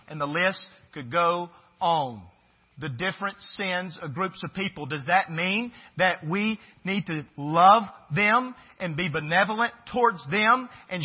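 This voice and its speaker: High-voiced husky man preaching. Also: lo-fi sound. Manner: swings from loud emphatic preaching to quiet low asides. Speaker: pastor. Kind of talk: sermon.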